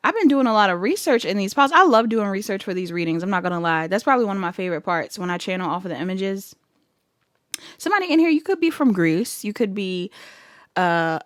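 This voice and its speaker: A woman's voice: medium pitch, lively intonation, brisk, no room sound, studio quality. A woman giving a casual pick-a-card tarot reading to her viewers, chatty, laughing easily and thinking aloud as she goes. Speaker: tarot reader.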